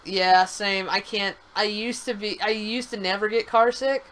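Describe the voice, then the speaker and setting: A woman's voice: mid-range voice, steady tone, unhurried, fairly bright tone, poor audio. A woman co-hosting a game stream, chatting casually with her partner and swearing now and then. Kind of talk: casual gameplay chat.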